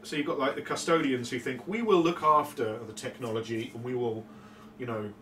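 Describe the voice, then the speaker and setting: A man's voice: medium pitch, brisk, fairly bright tone. A man chatting casually and joking while playing a tabletop wargame, explaining lore at length. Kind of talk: casual chat during a game. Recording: roomy distant mic with background noise.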